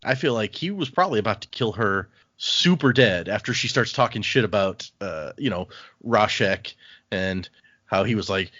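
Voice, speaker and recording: A man's voice: lowish voice, moderate pace, no echo. A man hosting a casual book podcast, recapping the plot at an easy pace and reading passages aloud. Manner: relaxed, recaps the plot and reads quotes aloud. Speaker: podcast host. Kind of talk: casual book-club chat. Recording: dull, dry home podcast mic.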